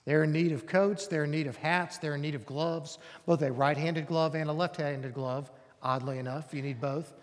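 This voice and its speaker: A man's voice: fairly high pitch, steady tone, normal speed. A man, a pastor making an earnest, inviting announcement to his congregation in a church sanctuary. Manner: earnest, inviting, emphatic repetition. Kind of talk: announcement from the pulpit. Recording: long hall reverb.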